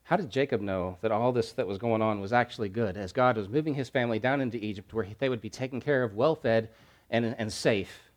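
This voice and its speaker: A man preaching a sermon, building to loud emphatic repeated phrases, then dropping to quiet, soft lines. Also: on the low side, brisk. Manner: preaching with swelling emphatic repetition and dramatic drops to quiet. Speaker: pastor.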